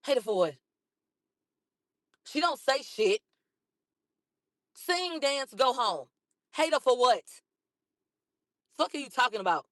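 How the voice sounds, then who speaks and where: Hoarse woman ranting profanely on a livestream. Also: high voice, very animated, slow, pauses often, a bit bright, no room sound, clean studio sound. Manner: profane, combative, repeats herself. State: hoarse from a cold. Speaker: livestream host. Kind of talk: heated livestream rant.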